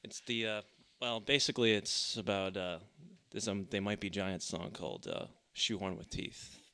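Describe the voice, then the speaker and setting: Male guest, low gravelly voice, dry sarcastic. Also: steady tone, normal speed, pushed and bright. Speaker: guest musician. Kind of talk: casual interview.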